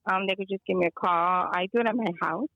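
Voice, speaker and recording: Woman from Chicago, rambling storyteller, mixes in Spanish phrases, gravelly voice, dull lo-fi phone audio. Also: medium pitch, quick pace, no room sound. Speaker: guest, energy healer. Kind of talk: casual phone-in chat. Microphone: phone call.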